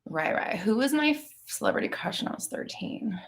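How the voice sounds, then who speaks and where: A woman's voice: a little high, big pitch swings, brisk. A woman hosting a casual live stream, telling rambling, profane stories and laughing as she reads the chat. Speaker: podcast host answering live chat.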